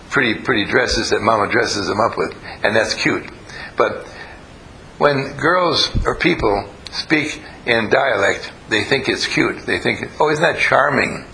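Gravelly man coaxing a group. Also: lowish voice, pushed and bright, slight background noise, low-quality recording. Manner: questioning, coaxing the audience; storytelling. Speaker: group leader teaching a class. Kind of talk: interactive talk to a live group.

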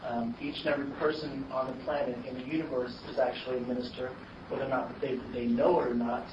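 A man's voice: medium pitch, little pitch movement, quick pace. A man speaking earnestly and a little hesitantly as a participant at a group meeting. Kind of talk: personal statement. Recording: distant, echoey, dull, noisy.

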